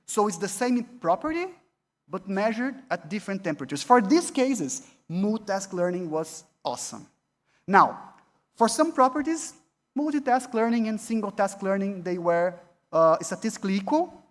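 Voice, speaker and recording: A man's voice: high-pitched, lively intonation, moderate pace. A man with a Brazilian Portuguese accent giving a university lecture, conversational, with many restarts and rhetorical questions. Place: lecture hall. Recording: long reverb in a lecture hall.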